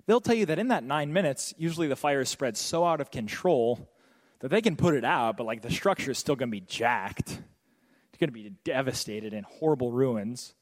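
Animated preacher man in a reverberant hall. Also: medium pitch. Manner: animated preaching, jokes and quick voiced asides. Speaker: pastor. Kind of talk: sermon.

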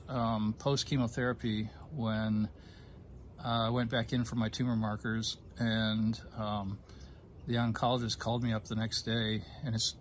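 A man telling a personal story in casual conversation, halting with fillers and restarts and getting emotional at times. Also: lowish voice, slight background noise. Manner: emotional, gets choked up. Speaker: guest telling his story.

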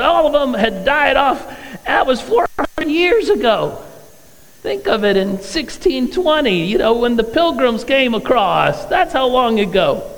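A male pastor delivers a conversational sermon, reading scripture aloud between his own remarks. His voice sits high for a man. The church hall around him rings with a long reverb. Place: church sanctuary.

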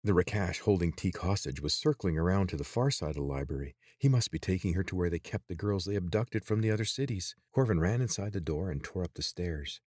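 Deep-voiced male storyteller, dry sound. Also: dry recording. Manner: steady, measured storytelling. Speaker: narrator. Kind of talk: scripted audiobook narration.

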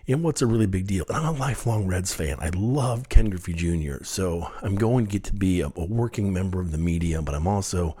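A man with a low, husky voice tells a story from his past on his podcast. He speaks in an animated way, chuckling at his own mishaps as he goes. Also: brisk, hardly any pauses. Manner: animated storyteller, laughs at himself. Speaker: podcast host. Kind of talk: storytelling monologue.

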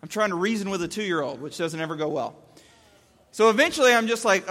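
A man in his thirties telling a comic story about his young son, animated and jumping between voices. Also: high-pitched, a little fast. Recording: echoey hall.

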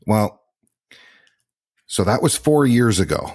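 A man's voice: fairly low pitch, big pitch swings, takes it slowly, darkish tone, breathy edge, dry recording, clean studio sound. A man in his forties, hosting a podcast, talking casually and unhurriedly, repeating words as he builds a story. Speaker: podcast host and lodge owner. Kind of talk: casual conversation.

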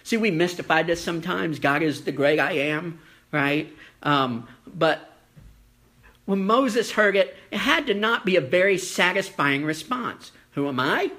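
Pastor guy preaching slow, high bright voice, earnest storyteller. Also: lively intonation. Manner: earnest storytelling with rhetorical questions. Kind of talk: sermon.

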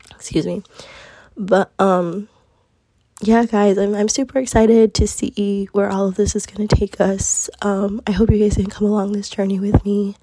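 A woman's voice: medium pitch, little pitch movement, a little slow, dark tone. A young woman hosting a casual solo podcast, earnest and chatty, her voice groggy as if she's sick. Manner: earnest, chatty, lots of fillers. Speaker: podcast host.

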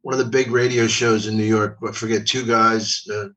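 A man's voice: lowish voice, level tone, a little fast, a bit bright. Older man, rambling profane storyteller, sits back from the mic. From Philadelphia. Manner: rambling, repeats words, profane. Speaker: guest comedian. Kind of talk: casual storytelling. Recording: voice from a distance.

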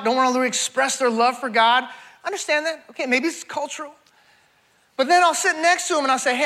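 A male preacher with a strikingly high, bright and forceful voice delivers a sermon to a congregation. He talks animatedly, fires rhetorical questions at the crowd and calls them "y'all." His delivery swings between near-shouted peaks and quiet, calm stretches. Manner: animated preaching, rising to near-shouts then dropping low. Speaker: traveling preacher.

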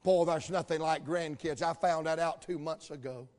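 An older man preaching a sermon, emphatic, building to shouted peaks with drawn-out dramatic phrasing. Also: a little high. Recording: long hall reverb.

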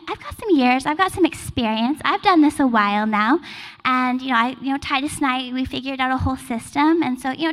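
A woman pastor in her forties preaches in a relaxed, chatty way, filling her sentences with casual asides. Her voice sits fairly high with a gravelly fry. It rings out with the long reverb of a church hall. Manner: casual, chatty, filler-heavy. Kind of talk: sermon.

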